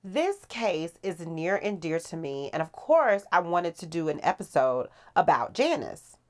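A woman hosting a podcast and giving a lively, expressive scripted narration. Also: on the low side. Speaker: podcast host.

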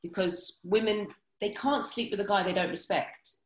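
A woman speaks in a frank, animated way, swearing freely and slipping into quoted lines as she goes. Her voice sits at an ordinary middle pitch. The room around her is echoey. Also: normal speed. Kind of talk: casual podcast chat.

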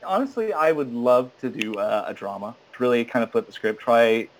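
A young actor chats in an interview and rambles freely. He stops and restarts often and fills the gaps with fillers. His pitch sits in a middle range for a man. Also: expressive, fairly quick, a little hiss or hum, rough recording. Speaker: stage actor guest. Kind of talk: casual interview.

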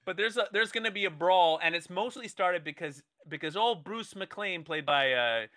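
A man with a high, bright voice riffs through a made-up movie plot for his co-hosts. He rambles playfully and keeps stopping to restart his sentences, all in a loose improvised comedy pitch. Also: lively intonation, moderate pace. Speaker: comedy podcast co-host.

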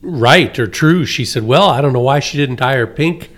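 A man's voice: medium pitch, moderate pace, a bit bright. A man chatting on a company podcast in a playful, easy way. He chuckles often and tells his jokes lightly. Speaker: podcast co-host. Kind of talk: casual chat, telling a joke.

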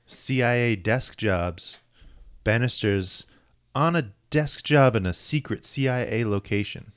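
A man's voice: mid-range voice, unhurried, clean tone. A man co-hosting a podcast in casual, enthusiastic chat. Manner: enthusiastic, reads out credits. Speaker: podcast co-host. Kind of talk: casual chat about comics.

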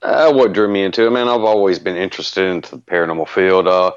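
An easygoing male radio guest with a deep Southern drawl who rambles comfortably through his stories. His voice sits low, and it comes through dry and muffled over a lo-fi line. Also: steady tone, fast talker, smooth, dry recording. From Mississippi, American South. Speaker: guest, paranormal investigator. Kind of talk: casual radio interview.

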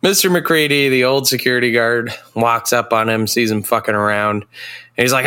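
A man's voice: mid-range voice, moderate pace, sharp tone, clean tone, dry recording. A man in casual chat, recapping a movie plot in a rambling way, laughing and acting out lines in voices. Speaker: podcast co-host.

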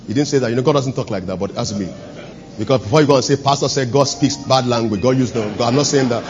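A man preaching a sermon as pastor, swinging between loud, fervent preaching and low, intimate storytelling. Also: fast talker, dull audio, faint music behind.

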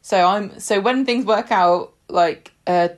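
A woman's voice: mid-range voice, takes it slowly. A woman co-hosting a podcast, chatting casually, often restarting and searching for words. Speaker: podcast co-host. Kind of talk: casual chat about a TV soap.

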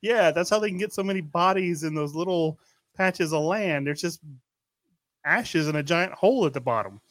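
A man's voice: fairly high pitch, animated, normal speed, a bit bright, no room sound. A man co-hosting a podcast, telling rambling stories in casual chat and laughing often. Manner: rambling, laughing storyteller with restarts. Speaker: podcast co-host.

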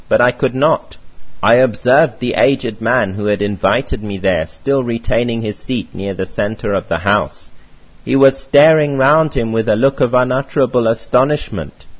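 A man reading a first-person memoir aloud in a measured, earnest way, on a muffled lo-fi recording. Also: medium pitch, breathy edge. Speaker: audiobook reader.

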